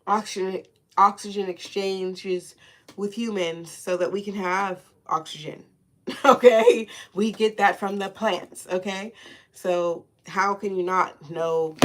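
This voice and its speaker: A woman's voice: mid-range voice, fairly even intonation, slow pace. Laid-back profane woman tarot reader. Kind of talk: casual spiritual tarot reading.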